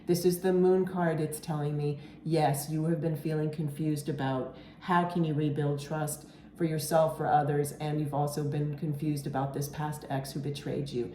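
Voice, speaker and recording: A woman reads tarot in a low, warm voice, earnest and reassuring, often pausing to ask "okay?". She sounds close to tears at times. The sound is roomy and echoey, with a faint hiss behind it. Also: level tone. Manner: emotional, near tears at moments. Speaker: tarot reader. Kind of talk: tarot reading to camera.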